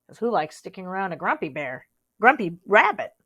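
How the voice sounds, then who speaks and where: A woman's voice: mid-range voice, very animated, a little fast, fairly bright tone, husky. A young adult woman reading a storybook aloud, with chatty asides to young listeners. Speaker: reader.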